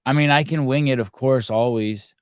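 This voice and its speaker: A man's voice: medium pitch, normal speed, clean tone, no echo, studio quality. A middle-aged man hosting a podcast, rambling in casual talk and swearing freely when he gets frustrated. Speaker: podcast host. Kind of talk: casual live show monologue.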